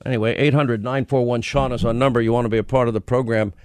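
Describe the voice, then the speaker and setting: A man's voice: medium pitch, fairly even intonation, quick pace, darkish tone, smooth, no room sound. A man hosting a talk radio show, speaking emphatically and repeating his points for effect. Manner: emphatic, repeats key phrases.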